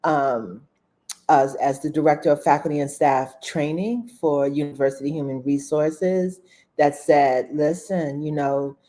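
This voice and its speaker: A woman guest in a casual interview, answering in an unhurried, thoughtful way with many fillers. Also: sits low, steady tone, warm tone.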